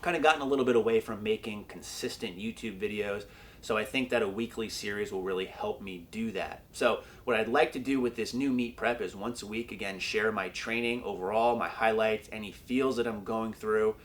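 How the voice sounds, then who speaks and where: A man's voice: lowish voice, normal speed. A young man chatting casually in a training vlog, laid-back and joking, with the odd swear word. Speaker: powerlifting vlogger.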